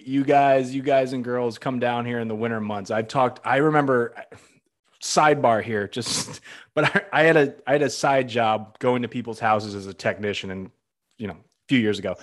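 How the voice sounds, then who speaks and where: A man's voice: mid-range voice, steady tone, normal speed. A man from Massachusetts hosting an interview, talking casually and rambling with lots of fillers and side stories. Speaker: podcast host interviewing a filmmaker.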